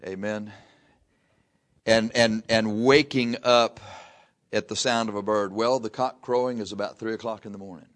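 An older man preaching a folksy sermon, reading scripture slowly and telling homespun stories. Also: fairly low pitch, fairly even intonation. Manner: slow, drawn-out scripture reading mixed with chatty anecdotes.

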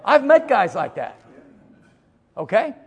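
A middle-aged pastor preaches a sermon in a folksy, joking way, swinging between loud emphasis and quiet asides. His delivery is slow and sing-song, with a breathy edge.

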